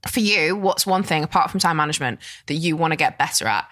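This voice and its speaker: A woman in her twenties hosting a podcast, asking questions in quick, encouraging casual chat. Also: low voice, animated, fairly bright tone, no echo, studio quality. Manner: quick, encouraging, fills in with yeahs. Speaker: podcast host.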